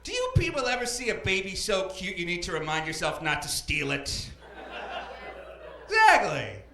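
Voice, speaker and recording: A young man performs stand-up at a club, his voice high and swinging widely in pitch. He rambles with deadpan asides and hesitant fillers into a stage mic. The room is echoey, with a live crowd all around. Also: normal speed. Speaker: stand-up comedian. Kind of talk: stand-up comedy set.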